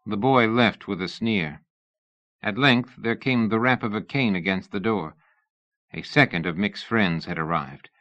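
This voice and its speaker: A man narrates a novel in a measured, storytelling manner. His voice sits on the low side, and the recording is very dry with a dull, muffled sound. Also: bright, forceful tone, no room sound. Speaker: audiobook narrator. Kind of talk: scripted narration.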